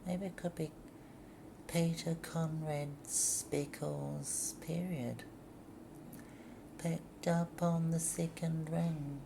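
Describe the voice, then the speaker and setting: A woman's voice: deep voice, steady tone, very slow, long pauses. A woman reading a novel aloud in a mocking, sarcastic, profane way. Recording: clear background noise.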